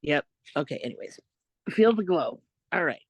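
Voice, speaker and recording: Animated woman retelling a meeting. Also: sits low, normal speed, breathy edge, no room sound. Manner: animated retelling, quotes others, laughs often. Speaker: podcast co-host. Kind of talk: casual chat, storytelling.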